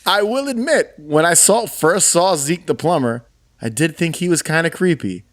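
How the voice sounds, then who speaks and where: Animated man in his thirties. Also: a little high, moderate pace. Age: 30s. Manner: animated, enthusiastic storytelling with laughs. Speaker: podcast co-host. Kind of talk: casual chat.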